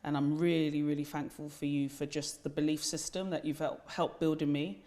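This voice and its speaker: A woman's voice: low voice, little pitch movement, moderate pace, warm tone. A woman, hosting a podcast and founder of the charity, talking candidly and from the heart, with casual swearing. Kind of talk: podcast conversation.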